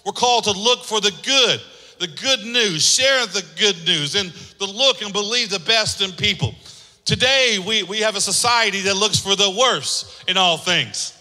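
A man preaching a sermon as pastor, energetic and calling for responses from the congregation. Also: high voice, normal speed. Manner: energetic, calls for audience responses. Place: large church hall. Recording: long hall reverb.

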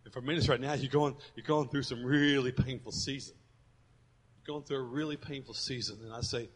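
A man preaching a sermon as a pastor, emphatic and swinging between loud and hushed, in an echoey hall. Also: mid-range voice, steady tone, fairly quick.

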